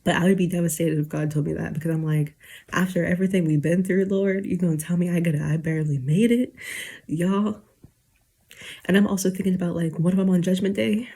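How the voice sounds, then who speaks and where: A woman's voice: lowish voice, steady tone, fairly quick, gravelly, mellow, slightly rough. A woman in her twenties ranting casually to camera late at night, rambling with lots of fillers and holding back tears as she gets emotional. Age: 20s. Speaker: YouTuber.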